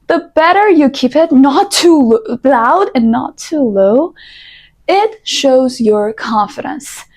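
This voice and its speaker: A young woman vlogger giving casual, animated advice straight to her viewers. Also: sits high, takes it slowly. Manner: animated, coaching, playful asides. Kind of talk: casual advice talk to camera.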